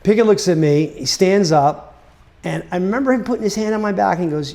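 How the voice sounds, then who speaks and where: A man telling a story about his music career in a casual, animated way, full of fillers like "right?" and "you know". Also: sits high, a little fast, gravelly. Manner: animated, chatty, with many fillers.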